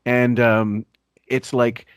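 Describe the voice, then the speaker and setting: A man's voice: flat delivery, extremely slow, clear, resonant tone, no room sound. A man hosts a casual podcast, laughing and swearing as he chats. His voice sits in an ordinary middle range. The sound is dry and close, with no room around it. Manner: laughs often, swears, drops his voice low for asides. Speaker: podcast host.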